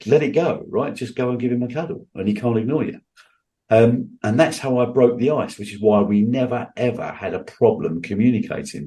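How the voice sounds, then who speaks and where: Deep, mellow man telling stories. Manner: earnest, emphatic, with restarts. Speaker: guest entrepreneur. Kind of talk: earnest storytelling in an interview.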